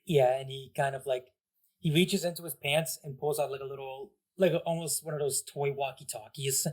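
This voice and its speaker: A man's voice: mid-range voice, steady tone, moderate pace, a little mellow. A man narrating a tabletop game as game master, rambling with many fillers and laughs.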